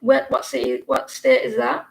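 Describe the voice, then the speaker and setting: A woman's voice: high voice, level tone, moderate pace, creaky, darkish tone, low-quality recording. A British woman hosting a casual livestream, chatting with viewers in a rambling way with many fillers and restarts. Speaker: tarot livestream host.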